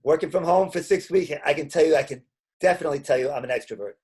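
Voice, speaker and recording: A man's voice: a little high, a little mellow, slightly rough. A middle-aged man answers interview questions casually, often restarting and correcting himself mid-sentence. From Staten Island, New York. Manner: halting, with frequent restarts and self-corrections. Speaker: interview guest, comedian.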